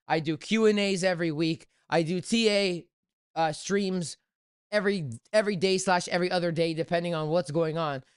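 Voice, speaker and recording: A man's voice: a little high, clean tone, dry recording, studio quality. A young man hosting a live trading stream, talking energetically and chatting with viewers.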